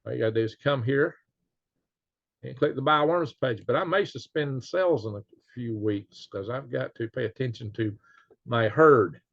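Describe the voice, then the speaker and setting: A man's voice: medium pitch, normal speed, vocal fry, fairly bright tone, dry recording. A man hosting his own channel, talking in a rambling, folksy way with lots of fillers and little chuckles. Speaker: channel host. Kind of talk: casual commentary. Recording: dry, slightly dull lo-fi sound.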